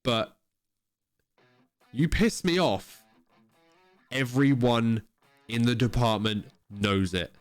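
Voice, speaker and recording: A man, co-hosting a casual podcast chat, blunt and sweary, with halting restarts. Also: mid-range voice, no echo, soft background music. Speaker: podcast co-host.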